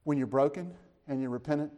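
A man preaching a sermon, retelling scripture as a story, asking his listeners questions and lifting his voice when he speaks the disciples' lines. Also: quick pace. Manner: animated storytelling, voices the disciples' words with rising pitch; conversational, asks the listeners questions.

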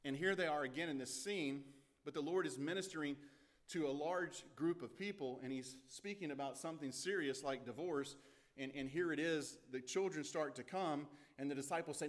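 A man's voice: fairly high pitch, normal speed. A man preaching a sermon, retelling scenes in a conversational way and briefly acting out the people he quotes. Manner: conversational preaching with acted-out quotes and repeated phrases. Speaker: pastor. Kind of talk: expository sermon.

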